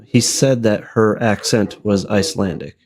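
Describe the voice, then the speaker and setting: A man's voice: on the low side, measured pace, a little mellow. A man debating casually, blunt and dismissive, pressing the same point again and again. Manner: blunt, dismissive, keeps repeating his point.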